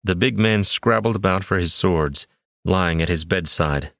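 Male audiobook narrator, deep, measured dramatic reads, dry booth sound. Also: creaky, fairly bright tone, no room sound. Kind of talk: scripted fantasy narration.

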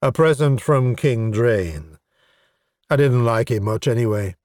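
A man's voice: mid-range voice, unhurried, darkish tone, no room sound, close to an everyday voice. A man reading a story aloud, voicing a blunt, self-satisfied male goblin leader in a dry, matter-of-fact way. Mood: earnest. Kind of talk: audiobook character voice.

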